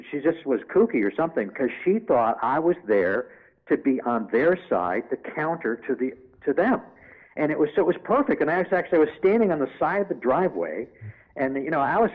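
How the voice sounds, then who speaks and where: A man in the guest's seat, spinning a long anecdote with lively energy and dropping into other voices as he quotes them. His voice sits at an ordinary male pitch. It comes through a narrow, phone-like channel. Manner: animated, acts out quoted voices. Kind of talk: anecdotal interview storytelling.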